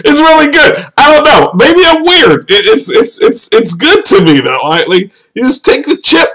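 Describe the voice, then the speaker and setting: A young American man casually answering viewer questions on a live stream, joking, laughing often and jumping to high exclamations. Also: very animated, normal speed, fairly bright tone, low-quality recording.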